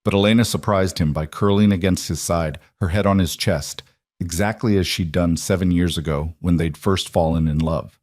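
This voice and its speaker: A male narrator reads a dramatic romance aloud in calm, steady scripted narration. His voice sits low. The sound is close and dry with no room. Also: normal speed, no echo.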